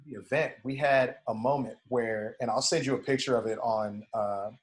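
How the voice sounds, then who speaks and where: Man telling a lively protest story. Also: mid-range voice, moderate pace. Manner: animated, acts out dialogue in retelling; swears casually. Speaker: podcast guest. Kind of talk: casual storytelling.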